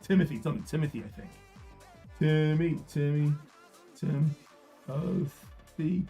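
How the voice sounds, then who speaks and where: A man hosting a live card-break stream, repeating prices and hyping the product in an upbeat sales pitch. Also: measured pace, mellow, faint music behind. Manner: upbeat, repetitive hype.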